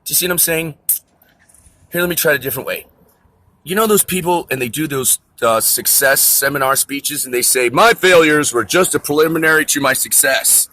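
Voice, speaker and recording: A man's voice: a little high, brisk, bright, forceful tone. A man delivering an angry, profane, rambling rant to camera outdoors near a store. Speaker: vlogger. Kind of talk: ranting monologue to camera.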